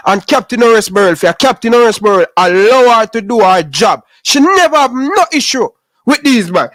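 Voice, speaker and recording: A Jamaican man talking sports on a podcast in a high, lively voice. He pushes his points hard and keeps saying "brother." The sound is dry and close, with no room around it. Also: moderate pace, dry recording. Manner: animated, repeats "brother" often. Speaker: podcast co-host. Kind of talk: heated casual sports chat.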